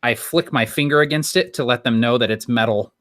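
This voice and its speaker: A man describes his character's actions at a tabletop game in a measured, deliberate way. His voice sits at a middle pitch, and the room sounds dry. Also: fairly bright tone, no room sound. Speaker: player.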